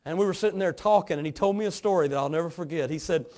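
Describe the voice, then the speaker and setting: A middle-aged man from East Tennessee with a hillbilly accent, preaching a sermon in a folksy, drawling manner that moves between quiet storytelling and fervent exhortation. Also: a little high, racing. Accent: East Tennessee Appalachian. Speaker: pastor.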